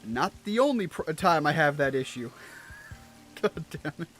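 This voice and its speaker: Chatting as he plays, a man gives let's-play commentary full of fillers and jokes at his own expense. His fairly bright voice sits on the high side with big pitch swings, unhurried, and faint music plays behind him.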